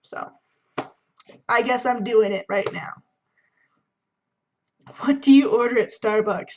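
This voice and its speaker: A woman's voice: a little high, slow. A young woman from the Bay Area of California, chatting and giggling as she answers questions in a casual video. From San Francisco Bay Area, California. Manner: chatty and giggly, acts out friends' shouting. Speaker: vlogger. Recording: dull lo-fi sound.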